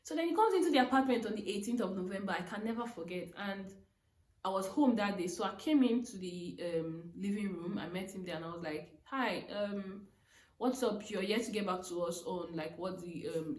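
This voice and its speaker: A woman's voice: lowish voice, moderate pace, roomy sound. A young woman from Africa vlogging a storytime, retelling an argument with rising, emphatic outbursts. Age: young adult. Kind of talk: animated storytime. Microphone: phone.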